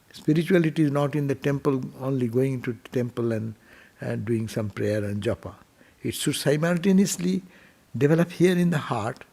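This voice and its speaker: A man, a monk, giving a temple sermon, telling stories gently and asking his listeners rhetorical questions. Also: medium pitch, creaky, husky. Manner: gentle storytelling, rhetorical questions, speaks softly.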